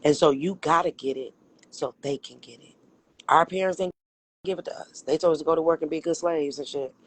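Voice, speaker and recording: A woman's voice: low-pitched, a little fast, no room sound, poor audio. A woman co-hosting a casual livestream, talking emphatically with lots of profanity and frequent laughter. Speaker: livestream co-host.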